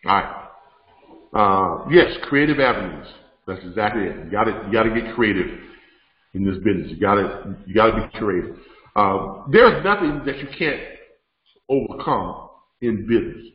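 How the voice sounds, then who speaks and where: A man's voice: on the low side, lively intonation, normal speed. Man hosting a roomy lo-fi webinar. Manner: conversational, repeats words, laughs often, addresses audience as y'all. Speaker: host. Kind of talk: live webinar teaching and Q&A. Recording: roomy, dull lo-fi sound.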